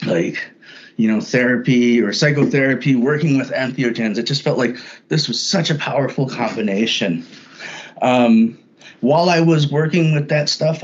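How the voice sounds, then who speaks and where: A man talking as a podcast guest, telling a personal story in a halting way that often repeats words when starting a thought. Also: mid-range voice. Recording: dull lo-fi sound.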